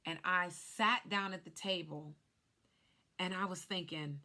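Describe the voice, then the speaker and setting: A woman in her thirties, a life insurance agent, telling her story to camera in an animated way while glancing at cue cards. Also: fairly low pitch, normal speed. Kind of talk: casual talk to camera.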